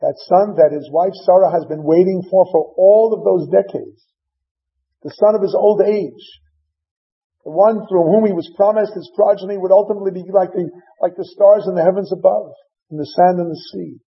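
High-voiced man preaching a story sermon. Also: moderate pace. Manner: storytelling, mixing in Hebrew terms. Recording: dull lo-fi recording.

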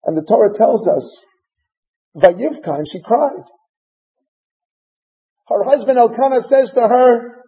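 High-voiced man giving a dramatic sermon. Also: big pitch swings, measured pace, pauses often. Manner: dramatic, emphatic storytelling. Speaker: rabbi. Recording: dull lo-fi recording.

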